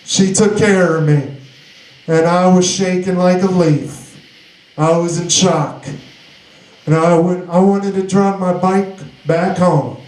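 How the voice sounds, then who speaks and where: A young man tells his own story slowly and haltingly, restarting sentences as he goes. His voice is fairly high yet mellow. The recording sits in a noticeably echoey room. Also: fairly even intonation. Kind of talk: personal recovery story.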